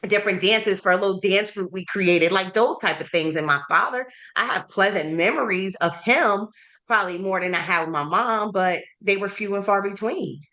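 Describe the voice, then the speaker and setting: A woman's voice: medium pitch, normal speed, pushed and bright. A woman in her thirties hosting a candid conversation, telling personal stories in a reflective, emotional way. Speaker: podcast host.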